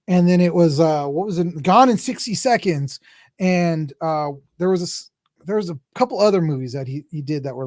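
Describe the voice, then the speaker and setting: A man's voice: fairly high pitch, a little mellow, no room sound, clean studio sound. A man in his forties, hosting a podcast and chatting casually about movies in a rambling, joking way with many restarts. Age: 40s. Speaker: podcast host.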